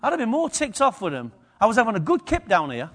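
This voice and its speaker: A man preaching a lively sermon to a congregation, acting out the story's characters. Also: high-pitched, quick pace, creaky.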